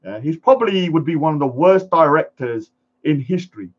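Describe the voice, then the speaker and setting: A man's voice: fairly high pitch, animated, brisk, highs cut off. A man ranting defiantly to camera, acting out pleading voices as he goes. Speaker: vlogger.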